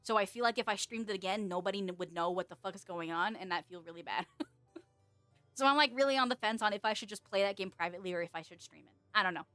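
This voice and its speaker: A woman's voice: mid-range voice, fast talker, sharp tone, no room sound, faint music behind. A young woman chatting casually on a live stream, rambling, giggling often and swearing offhand.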